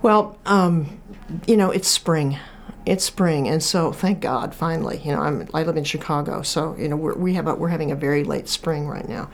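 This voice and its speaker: Speaking at a moderate pace in a low voice, this woman from Chicago is an author chatting as an interview guest. She's a talkative storyteller who frequently restarts and uses fillers.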